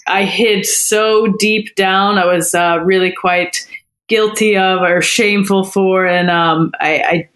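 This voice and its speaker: A woman guest on a podcast, telling a personal story in a candid, heartfelt way with frequent pauses and restarts. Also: medium pitch, steady tone, a bit bright.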